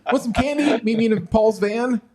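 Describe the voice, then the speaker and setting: A man voicing a creepy male stranger offering candy, in a high, wheedling, drawn-out put-on voice. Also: mellow.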